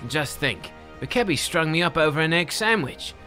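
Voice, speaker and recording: A man's voice: a little high, lively intonation, moderate pace, sharp tone, faint music behind, voice pushed up. A man voicing a jovial, slangy male rogue guildmaster in a video game reading, with a hearty, theatrical delivery.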